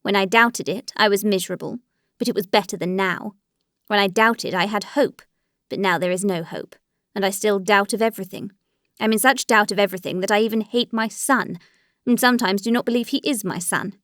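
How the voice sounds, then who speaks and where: A cold and wounded aristocratic husband speaks in measured, formal phrases, read by a woman narrator. Beneath the stiffness there is bitterness. The recording is dry and close-miked. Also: mid-range voice, fairly bright tone, no echo, close to an everyday voice. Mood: bitter.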